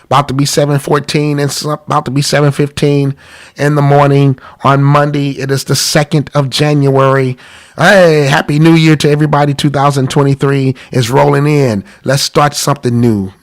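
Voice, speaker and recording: A man's voice: on the high side, little pitch movement, moderate pace. A man hosting a live-streamed talk about money, congested from a cold, earnest and pleading, repeating himself. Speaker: podcast host.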